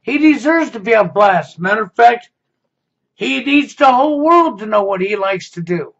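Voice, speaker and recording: A man's voice: high-pitched, expressive, moderate pace, vocal fry, fairly bright tone. A man giving a confrontational monologue as a commentator, often ending his points with a pointed "okay?". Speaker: YouTube commentator. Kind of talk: accusatory monologue. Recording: dull lo-fi sound.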